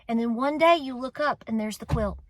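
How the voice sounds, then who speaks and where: A woman's voice: on the high side, brisk, no room sound. A woman in her forties with a Southern US accent, hosting a homestead vlog, talking to her viewers in an earnest, emotional, encouraging way, close to tears and repeating phrases for emphasis. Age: 40s. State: tearful. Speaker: homestead channel host. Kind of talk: heartfelt vlog talk to viewers.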